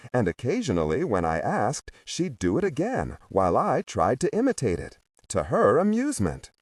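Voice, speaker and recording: A man's voice: fairly low pitch, darkish tone, husky, dry recording, studio quality, far from the mic. A man narrating an audiobook in scripted first-person storytelling, with a reflective manner.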